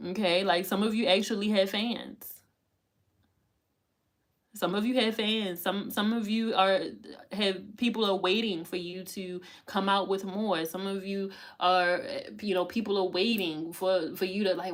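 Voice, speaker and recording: A woman's voice: medium pitch, steady tone, moderate pace. A woman giving a live tarot reading, talking in emphatic, repetitive, slangy bursts full of profanity and pep-talk urging. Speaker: tarot reader.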